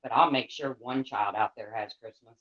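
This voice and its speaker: A woman's voice: extremely low pitch, normal speed. A woman livestreamer ranting to her chat in a blunt, heated, profane way. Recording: dull lo-fi sound.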